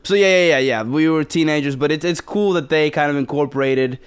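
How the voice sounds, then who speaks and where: A man's voice: fairly high pitch, fairly quick, clear, resonant tone. A young man in his twenties from the Bronx, an actor guest chatting casually in an interview, rambling with lots of fillers and restarts. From the Bronx, New York. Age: 20s.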